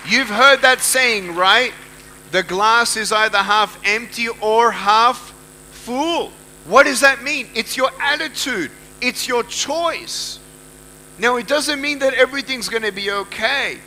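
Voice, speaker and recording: A man with an Australian accent delivers an emphatic motivational talk to an audience, repeating key lines and acting out what others said. His voice sits high and sounds very bright and forceful. A faint electrical hum runs under the recording. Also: slow pace, rough recording. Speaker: motivational speaker. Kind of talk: motivational speech to a live audience.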